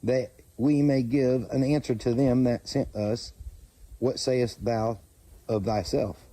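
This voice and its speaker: A man slowly reading Bible verses aloud and pausing to comment, stumbling over names and correcting himself. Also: medium pitch, steady tone, mellow, no echo. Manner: slow, halting reading with self-corrections. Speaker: channel host reading scripture.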